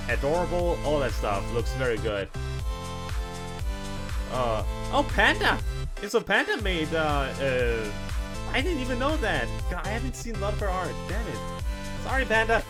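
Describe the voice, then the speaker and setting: A man giving casual blind reaction commentary on an audio drama as a video plays. He rambles, restarts his sentences and laughs often. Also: a little high. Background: music from the video.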